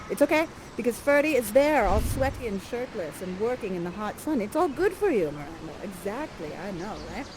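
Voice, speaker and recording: Playful theatrical woman, slightly high voice. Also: a little hiss or hum, poor audio. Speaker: live theater performer guiding the audience. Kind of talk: interactive theater narration.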